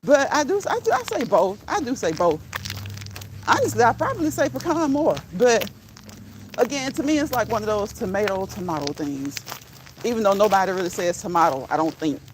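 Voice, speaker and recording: With a mid-range voice that swings widely in pitch, a vlogger raised in the northern U.S. talks a little fast during a rural walk. Some hiss or hum sits under her casual chatter, which is full of laughter and playful repetition.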